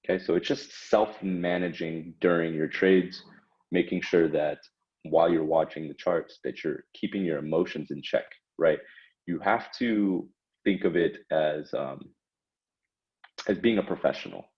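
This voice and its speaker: A man's voice: sits low, fairly even intonation, measured pace. A man giving casual instructional talk about trading, conversational, with frequent fillers and tag questions like "right?" and "okay?". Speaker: trading educator. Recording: dull lo-fi recording.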